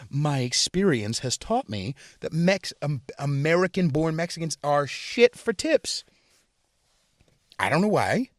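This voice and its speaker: This podcast host, a young adult man with a fairly high voice, goes on a furious, foul-mouthed comedic tirade by himself. The sound is studio quality, with no room ambience.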